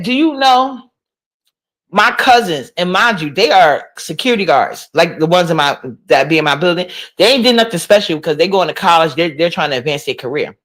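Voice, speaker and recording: A woman's voice: fairly low pitch, a bit bright. A woman, chatting casually on a livestream, reading and answering comments. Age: 40s. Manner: gossipy, incredulous, talks back to chat. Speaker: livestream host.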